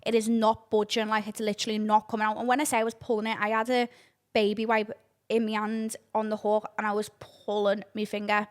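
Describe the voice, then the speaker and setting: A woman's voice: mid-range voice, level tone, a little fast. A young woman telling a chaotic story on her podcast, dramatic and sweary. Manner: breathless, dramatic oversharing, lots of swearing. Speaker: podcast host. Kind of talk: casual storytelling.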